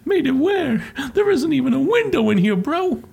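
A man voicing a whiny, excitable grown man in a cartoon retelling. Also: normal speed, creaky, full character voice. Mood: indignant. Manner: shrill, weepy, exaggerated. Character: whiny excitable adult man, a plumber's brother.

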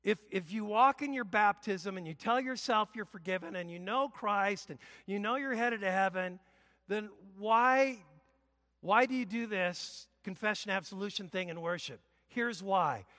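A male pastor giving a conversational sermon, with emphatic bursts and loud exclamations, in a church. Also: sits high, normal speed, big-room sound. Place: church sanctuary.

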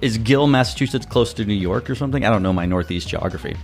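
A man's voice: fairly low pitch, animated, fast, gravelly, faint music behind. A man hosting a podcast in casual interview chat, teasing and joking with his guest. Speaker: podcast host.

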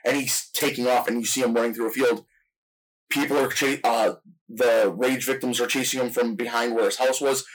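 A man's voice: mid-range voice, fairly even intonation, moderate pace, low-quality recording. Guy on a movie podcast going through a scene step by step, normal mid voice, laid-back chat. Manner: retells movie scenes in long detailed play-by-play. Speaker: podcast co-host. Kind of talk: casual film discussion.

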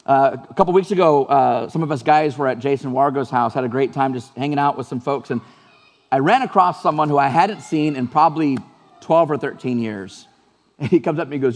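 A man's voice: mid-range voice, a little fast, a little mellow, big-room sound. A man preaching a sermon as pastor, earnest and conversational, repeating phrases for emphasis.

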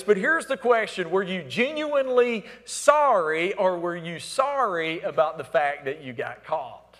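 A man preaching a sermon as pastor, asking the congregation to fill in words and swinging between emphatic calls and hushed, near-whispered lines. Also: high voice, expressive, a little slow, few pauses. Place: church sanctuary. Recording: long hall reverb.

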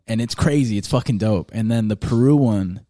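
A man in casual chat, swearing often and getting excited as he recommends documentaries, slipping into Spanish now and then. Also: lowish voice, moderate pace, dry recording, clean studio sound.

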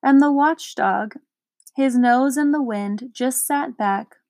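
A woman's voice: sits high, slow pace, no echo. A woman reading a children's storybook aloud, giving the characters their own voices. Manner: voices characters with lively shifts. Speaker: audiobook reader. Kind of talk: storybook narration.

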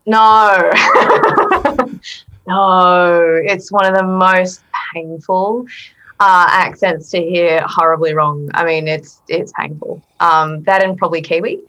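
A woman's voice: lowish voice, slow pace. A middle-aged woman talking as an interview guest, thoughtful and earnest, with frequent restarts. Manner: thoughtful, earnest, with many restarts and soft laughs. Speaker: guest, accent performer. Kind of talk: reflective interview conversation.

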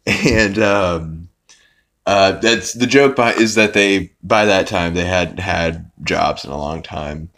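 A man's voice: low voice, takes it slowly, fairly bright tone. A young man hosting a podcast, recapping an episode in a rambling, casual way with lots of fillers and restarts. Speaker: podcast host.

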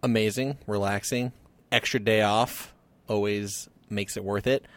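A man's voice: lowish voice, a little slow, no echo. Man telling a story on a podcast. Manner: animated anecdote-telling, self-deprecating. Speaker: podcast co-host. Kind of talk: casual chat, storytelling.

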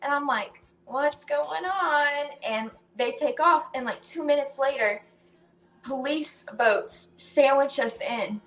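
A woman's voice: sits high, a little slow. A woman co-hosting a casual chat, telling stories with lots of laughter and swearing. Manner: animated storytelling, laughing often, swearing. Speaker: co-host.

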